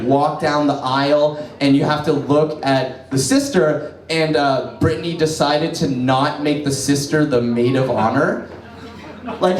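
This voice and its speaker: Guy doing standup in a bar, talks quick n rambly, lots of "right?", kinda high voice, echoey room. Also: a little mellow, distant mic. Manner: quick, rambling storytelling full of "right?" and "you know". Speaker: stand-up comedian. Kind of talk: stand-up comedy set. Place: cafe bar comedy room.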